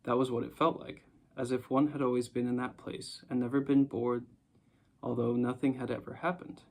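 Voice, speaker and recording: A man narrating a storybook chapter in a calm, measured reading. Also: medium pitch. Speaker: audiobook narrator.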